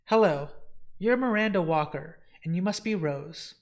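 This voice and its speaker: A man voicing a frail elderly woman who speaks softly and fondly. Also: high-pitched, normal speed, natural voice. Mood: tender. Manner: soft, fond, apologetic.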